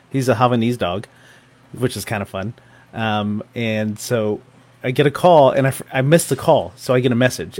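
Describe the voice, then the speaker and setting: A man with a middle-pitched voice tells a story in casual chat. He acts out the other people in it, his pitch leaping up and down, and he laughs often.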